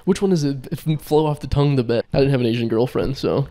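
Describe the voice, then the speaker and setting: A young man co-hosting a casual comedy podcast, teasing and rambling with dark jokes. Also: medium pitch, fast talker.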